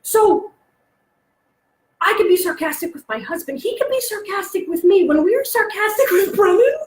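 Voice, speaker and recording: A woman in her thirties presenting alone to parents, chatty and animated, acting out her son's jokes as she goes. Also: very high voice, normal speed, roomy sound, rough recording. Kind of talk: solo online talk to parents. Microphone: close mic, alone presenting online.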